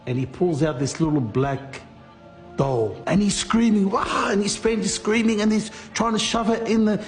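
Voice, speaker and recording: A man's voice: high-pitched, soft background music. A man in an interview recounting an ordeal, stumbling over restarts and acting out what others said. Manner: acts out others' lines, halting restarts. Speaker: interviewee recounting being scammed. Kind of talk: animated storytelling interview.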